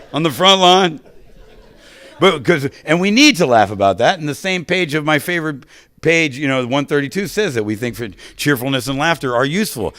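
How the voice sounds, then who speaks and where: A middle-aged man telling his life story to a recovery meeting, animated and drawing the listeners in with quick "right?" asides. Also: on the high side, no room sound. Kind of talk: personal recovery story to an audience.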